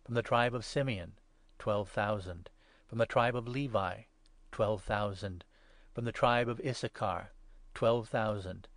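A man giving a solemn, measured Bible reading that swells louder on the proclaimed passages. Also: fairly low pitch, no echo. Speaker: scripture reader.

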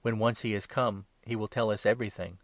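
A man's voice: fairly low pitch, fairly even intonation, a little fast, dry recording, close to an everyday voice. A man reading the lines of a questioning Samaritan woman at a well in a scripted Bible reading. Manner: questioning and earnest.

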